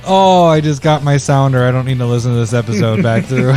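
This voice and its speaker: A man co-hosting a podcast in casual chat, easygoing and quick to laugh. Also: medium pitch, steady tone, darkish tone, soft background music. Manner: easygoing, laughs often, wraps up the show. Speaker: podcast co-host.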